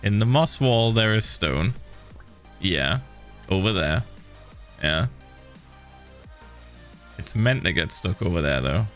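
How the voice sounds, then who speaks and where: A man chatting casually on a game stream, an animated storyteller who laughs often. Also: low voice, takes it slowly, pauses often, faint music behind. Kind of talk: casual stream chat while gaming.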